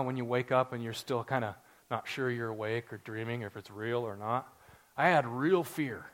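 A man in his forties preaching a sermon to his congregation, earnest and story-driven, building to excited emphasis. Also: medium pitch. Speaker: pastor.

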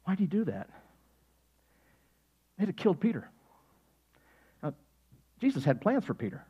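A man preaching a sermon, animated and jokey, acting out quotes with sudden loud shouts and laughing often. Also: on the high side, husky, muffled recording. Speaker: pastor.

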